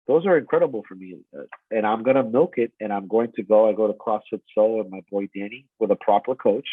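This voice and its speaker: A man's voice: mid-range voice, breathy edge, dry recording. A man in his forties, a strength coach, talking intensely and profanely in a podcast interview. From United States. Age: 40s. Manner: intense, profane, animated storytelling. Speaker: strength coach and gym owner. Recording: tinny phone-like line.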